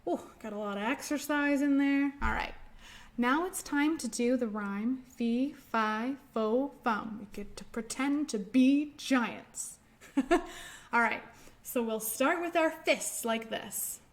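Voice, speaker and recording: Slow, gentle woman leading a children's storytime. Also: high-pitched. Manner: gentle, encouraging, sing-song. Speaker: children's librarian. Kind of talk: storytime reading and finger rhymes.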